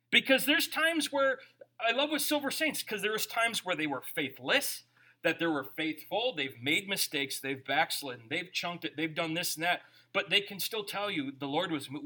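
Lively, bright-voiced male preacher. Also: high-pitched. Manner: animated, conversational preaching with rhetorical questions. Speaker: pastor. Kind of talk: sermon.

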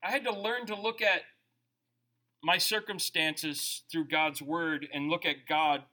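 A middle-aged man preaching a sermon as a pastor, conversational and animated, his volume rising and dropping. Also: a little high, measured pace.

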